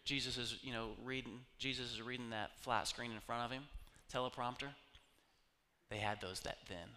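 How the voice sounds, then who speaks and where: A man preaching a sermon, telling stories with humor and swinging from loud bursts to hushed asides. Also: mid-range voice, a little hiss or hum. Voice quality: animated, jokey storytelling with sudden loud bursts and hushed asides. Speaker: pastor. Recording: long reverb of a large hall.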